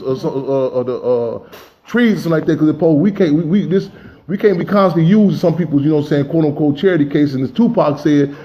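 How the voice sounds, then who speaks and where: A man's voice: a little high, fast, highs cut off. A man hosting a political talk radio show, speaking with passion and often saying "you know what I'm saying".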